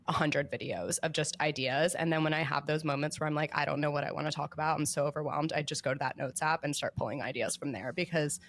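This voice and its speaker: A woman's voice: low voice, fairly even intonation, fast talker, few pauses. A young woman talking as a podcast guest in a casual, chatty way, with lots of filler words. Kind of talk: casual chat.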